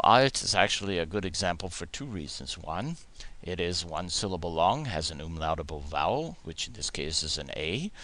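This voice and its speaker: In a recorded lesson, a man teaches German grammar, methodically explaining forms and slowing down to model the German words. His voice is low-pitched, pushed and bright.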